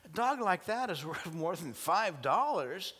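A man's voice: mid-range voice, lively intonation, measured pace, fairly bright tone, big-room sound. A man playing a curious passer-by who cannot believe a dog talks, inside a sermon joke. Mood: amazed. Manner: incredulous, amazed. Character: curious, amazed male passer-by.

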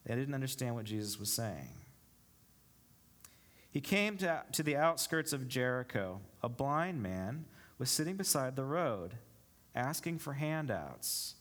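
A man's voice: mid-range voice, sing-song, unhurried, fairly bright tone. A male pastor preaching a sermon, reading scripture aloud and explaining it with rhetorical questions to the congregation. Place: church.

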